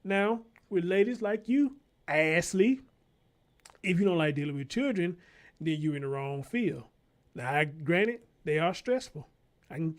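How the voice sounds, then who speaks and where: A man hosting his own show, giving heated, profane commentary on news clips and calling out to his listeners like a preacher. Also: high voice. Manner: profane, fired-up, preacher-like call-outs. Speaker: show host.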